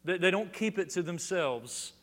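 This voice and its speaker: A middle-aged male pastor preaching a sermon with dynamic swings between loud declarations and hushed emphasis, often repeating words as he restarts a phrase. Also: sits high, animated, moderate pace. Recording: long hall reverb.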